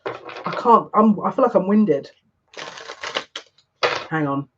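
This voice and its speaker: A psychic tarot reader, talking on a live stream in an excitable, breathless way, often breaking off mid-sentence. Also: mid-range voice, takes it slowly, a little hiss or hum. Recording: dull lo-fi stream audio.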